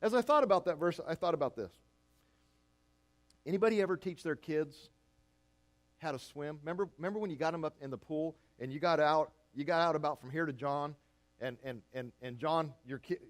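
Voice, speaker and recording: Middle-aged man, pastor delivering a folksy sermon, slightly high voice, shifts from quiet asides to emphatic repeated phrases. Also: fairly quick. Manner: folksy storytelling preacher, repeats phrases, swings from soft to emphatic.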